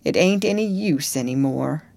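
A man's voice: a little high, animated, normal speed, vocal fry, a little mellow, dry recording. A woman voicing a frightened, broken middle-aged village man who sobs and pleads in rustic speech. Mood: sobbing plea.

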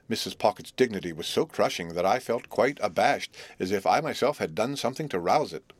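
A man reading a classic novel aloud as a narrator, with measured, expressive storytelling. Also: on the low side, breathy edge, dry recording. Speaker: audiobook narrator.

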